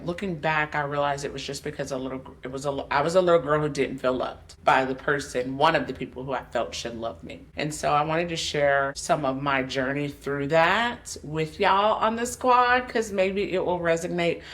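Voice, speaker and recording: A woman's voice: low-pitched, moderate pace, few pauses, fairly bright tone. A woman life coach hosting her podcast, speaking candidly and emotionally and addressing her listeners directly. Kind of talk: personal motivational podcast monologue.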